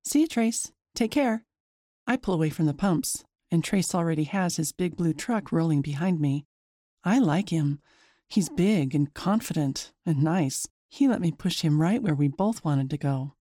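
Woman reading a first-person scary story, chatty, mellow tone, dry close sound. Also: sits low, moderate pace, no echo. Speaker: story narrator. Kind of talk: scripted first-person narration.

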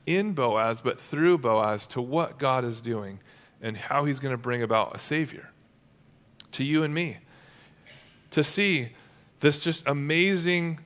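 A man's voice: a little high, fairly bright tone. Conversational male pastor preaching. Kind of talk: sermon.

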